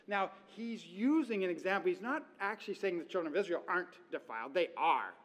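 A male pastor preaching a sermon in a conversational, animated storytelling way. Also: sits high, brisk, hardly any pauses. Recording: long hall reverb.

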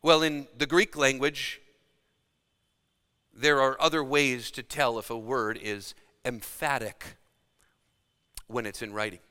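A man preaching a sermon with dramatic shifts between loud emphasis and hushed delivery. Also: medium pitch, steady tone, slow, long pauses, clear, resonant tone. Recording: long reverb of a large hall.

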